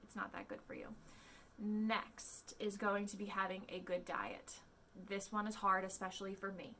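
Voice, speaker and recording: Young woman podcaster, chatty and rambling, bright tone, faint hiss behind. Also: mid-range voice, steady tone, moderate pace. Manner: chatty, rambling, many ums and likes. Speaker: podcast host. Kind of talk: casual podcast monologue. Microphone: podcast mic.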